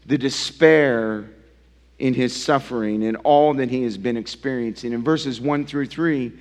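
A male pastor preaching a sermon, emphatic and swinging from loud to hushed, often asking his listeners direct questions. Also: medium pitch, measured pace. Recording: long reverb of a large hall.

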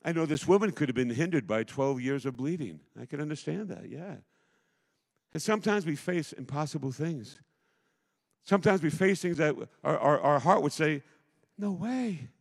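A middle-aged man preaching a sermon as pastor, emphatic, swinging between loud declarations and hushed asides. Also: a little high, animated, moderate pace, creaky. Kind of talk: impassioned sermon. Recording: long hall reverb.

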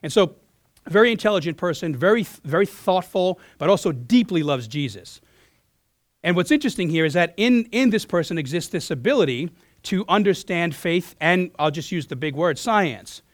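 Hoarse male pastor preaching. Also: a little high, expressive, normal speed, no echo, clean studio sound. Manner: earnest, with frequent restarts and throat clearing. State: hoarse, losing his voice. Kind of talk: sermon. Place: church.

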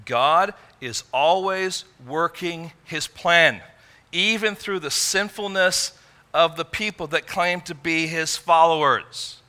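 Bright-voiced male preacher. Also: a little high, takes it slowly, smooth. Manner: earnest preaching, emphatic rises and quiet drops. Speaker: pastor. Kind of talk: sermon.

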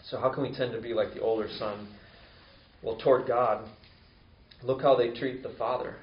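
Male pastor, conversational sermon, mid-pitched voice, distant echoey lo-fi recording. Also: fairly even intonation, normal speed. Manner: conversational, acts out quoted voices with rising pitch. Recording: roomy, distant, dull lo-fi sound.

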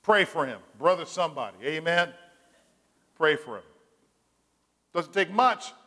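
A pastor preaches to his congregation in a big-sounding room, his voice a little high and his pace measured. He tells stories animatedly, acting out quoted voices, and keeps calling out "Amen?" for the people to answer back.

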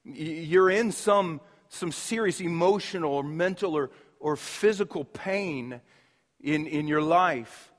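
A man's voice: fairly high pitch, slow. A man preaching a sermon, earnest and emphatic, repeating key words. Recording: long reverb of a large hall.

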